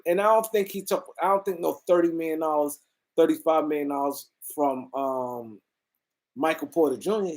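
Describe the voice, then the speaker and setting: This East Coast American host has a high-pitched, slightly mellow voice. On his casual sports talk show he rambles through an emphatic rant, saying the same things more than once.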